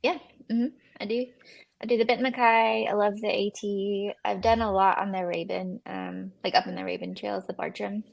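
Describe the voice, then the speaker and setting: Woman, podcast guest, casual chat, gravelly, laughs while talking. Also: mid-range voice, level tone, moderate pace, dry recording. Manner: chatty, laughs often while telling stories.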